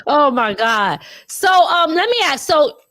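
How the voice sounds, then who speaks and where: A woman's voice: high voice, big pitch swings, a little slow, a bit bright. A woman from the US hosting an interview, chatty and loose, laughing easily. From United States. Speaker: interview host. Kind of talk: casual interview chat.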